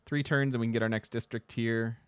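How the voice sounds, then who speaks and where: A man's voice: mid-range voice, fairly even intonation, fairly quick, clear, resonant tone, no echo. A man casually commenting on a strategy game while he plays, laughing often and chatting with his viewers. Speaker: let's play host.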